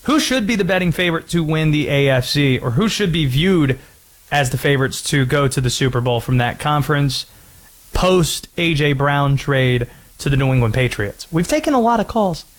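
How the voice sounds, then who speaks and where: Upbeat guy running a sports call-in show, kinda high voice, jokey with callers. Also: moderate pace. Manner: lively, teasing with callers. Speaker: sports radio host. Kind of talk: sports talk radio.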